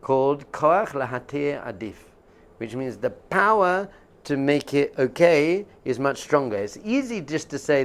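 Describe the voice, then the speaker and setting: A man's voice: on the high side, animated, normal speed. A man teaching as a rabbi in an informal class, conversational and jokey, often laughing and acting out quotes.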